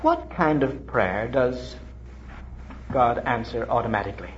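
Middle-aged male preacher from Ireland, lively storytelling sermon, muffled old recording. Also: measured pace, a little hiss or hum. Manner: animated storytelling with dramatic pitch leaps.

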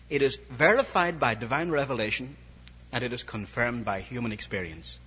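A man preaches a sermon at a moderate pace, his medium-pitched voice husky, pushed and bright. He recounts anecdotes and performs the dialogue of those in them, preserved on an old lo-fi recording in a reverberant hall.

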